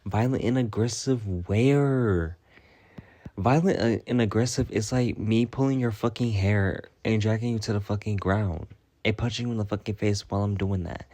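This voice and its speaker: A man's voice: on the low side, fairly even intonation, a little fast, a little mellow. A man ranting through a storytime vlog, profane and exasperated, firing off rhetorical questions. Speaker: storytime vlogger. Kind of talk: casual storytime rant.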